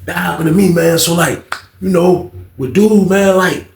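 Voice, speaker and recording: A man's voice: sits high, normal speed, gravelly. A young man telling a story from his life in a casual, slangy way, acting out the dialogue as he goes. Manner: slangy, animated retelling with quoted dialogue. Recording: roomy echo.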